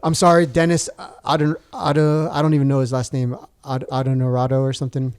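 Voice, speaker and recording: This is a man in his forties with a warm, mellow tone, chatting as a podcast guest. He tells his story loosely, full of fillers and restarts, at an even middle pitch. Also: quick pace, smooth. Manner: rambling, many restarts and fillers. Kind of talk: casual storytelling chat.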